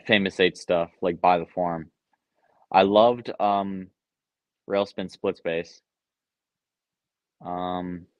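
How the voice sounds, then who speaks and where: A young man with a fairly low voice reads viewers' questions off a live chat and answers them in a relaxed, offhand way, with plenty of ums and uhs. The sound is dry and a little dull, like a modest home desk mic. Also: dry recording. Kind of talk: casual live-stream Q&A. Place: basement room at home.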